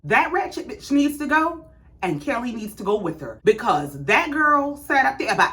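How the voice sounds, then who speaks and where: Brief: woman, reality recap host, lively, higher voice, blunt and cussing. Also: normal speed. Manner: sassy, blunt, profane storytelling. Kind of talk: casual reality show recap.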